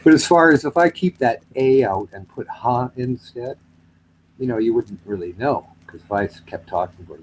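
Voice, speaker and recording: A Canadian man talks in a loose, rambling way, teasing and dropping the odd curse. His voice sits at an ordinary middle pitch. A faint noise hums behind him. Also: animated, low-quality recording. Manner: rambling, swearing, quick to tease. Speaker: chat participant. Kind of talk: casual chat.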